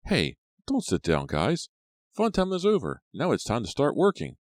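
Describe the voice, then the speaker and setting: A man voicing a cheerful but stern camp advisor in an audiobook, loud and bossy. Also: deep voice, lively intonation, moderate pace, no echo, studio quality, voice pushed up.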